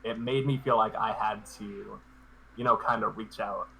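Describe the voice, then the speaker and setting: Guy guesting on a stream, really bright forward voice, laid back, kinda hesitant. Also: fairly low pitch, steady tone, moderate pace, vocal fry, a little hiss or hum, low-quality recording. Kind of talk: casual live-stream interview.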